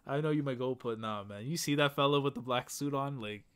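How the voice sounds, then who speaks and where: A man's voice: medium pitch, a little fast, fairly bright tone, clean tone. A man hosting a casual live stream, laughing often and reading chat comments aloud. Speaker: stream host.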